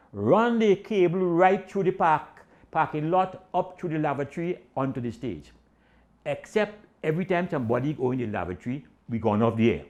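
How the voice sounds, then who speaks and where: An older Trinidadian man spins a comic yarn in rich island dialect. His pitch leaps and dips all over as he acts out each character. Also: muffled recording. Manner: animated Caribbean-dialect storytelling with voiced quotes. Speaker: storyteller. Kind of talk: comic storytelling.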